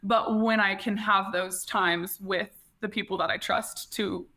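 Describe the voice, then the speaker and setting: A woman's voice: medium pitch, steady tone, a little slow, sharp tone. A woman guest on a casual podcast interview, speaking reflectively with many "like" fillers and restarts.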